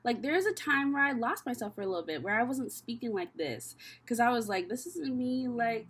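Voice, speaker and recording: A woman's voice: fairly high pitch, lively intonation, brisk, a bit bright, breathy edge. Chatty, candid young woman reading tarot. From Canada. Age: young adult. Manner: candid, profane and chatty, thinking aloud. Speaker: tarot reader. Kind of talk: casual tarot reading vlog.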